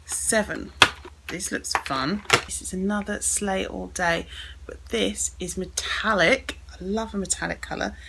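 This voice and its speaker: A woman's voice: mid-range voice, a little slow, vocal fry, heavy background noise. A woman chatting casually as she unboxes and swatches makeup, thinking aloud as she goes. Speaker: beauty vlogger.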